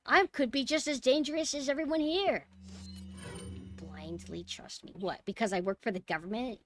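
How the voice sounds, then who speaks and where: A woman's voice: high voice, normal speed, faint music behind, close to an everyday voice. A woman doing a cocky agent man, condescending. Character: cocky grown male government agent.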